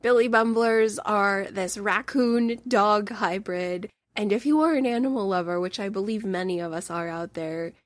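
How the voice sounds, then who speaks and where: A woman hosting a book review podcast, talking in an earnest, deeply emotional way into a close mic. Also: normal speed, few pauses, dry recording. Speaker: podcast host.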